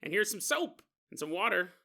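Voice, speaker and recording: A man's voice: high voice, sing-song, brisk, vocal fry, sharp tone, voice pushed up, exaggerated voice. A man voicing a timid, cowardly male prison warden who talks in a fussy, nervous way.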